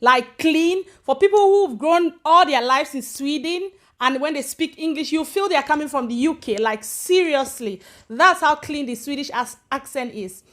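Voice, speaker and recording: High-voiced african woman chatting on her livestream, greets viewers by name, mixes in swedish. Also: animated, moderate pace, few pauses, fairly bright tone. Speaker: livestream host. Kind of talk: casual livestream chat. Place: home in Sweden.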